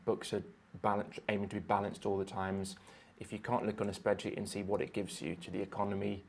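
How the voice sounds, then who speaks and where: A man speaking as a guest musician on a podcast, thoughtful and measured in casual conversation. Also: fairly low pitch, level tone, creaky.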